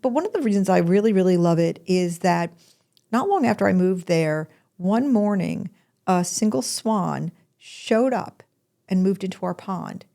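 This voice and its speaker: A woman's voice: mid-range voice, lively intonation, measured pace, gravelly, mellow. A woman hosting a podcast, telling a personal story in a chatty, rambling way with asides and restarts. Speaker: podcast host.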